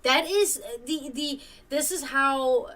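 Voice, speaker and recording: A woman's voice: high voice, slow, pushed and bright, recorded from a distance. A woman hosting a stream, telling a story casually, rambling with many fillers and restarts. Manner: imitates hawk caws. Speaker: stream host.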